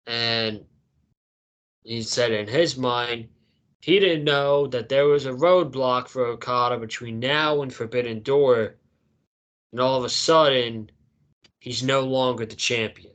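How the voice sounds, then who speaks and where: A man's voice: medium pitch, unhurried, fairly bright tone. Man, casual co-host, recaps segments, mid-range voice, conversational. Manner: recaps segments, quoting wrestlers in dialogue. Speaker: podcast co-host. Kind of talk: casual review chat.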